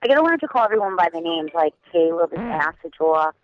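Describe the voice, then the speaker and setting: A woman with a Boston accent calling in and chatting casually, talking very fast and rambling. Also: fairly low pitch, sing-song, highs cut off, slight background noise. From Boston, Massachusetts. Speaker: caller. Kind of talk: casual call-in chat.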